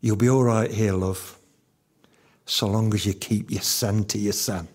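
A man's voice: lowish voice, fairly even intonation, measured pace, a little hiss or hum, pitched below the performer's own voice, close to an everyday voice. Sweet older neighbour lady, homely and matter-of-fact, as a preacher quotes her.

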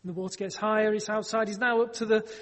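A man's voice: high voice, steady tone, fast, big-room sound. A man preaching a sermon, telling a Bible story in a conversational way with wry joking asides.

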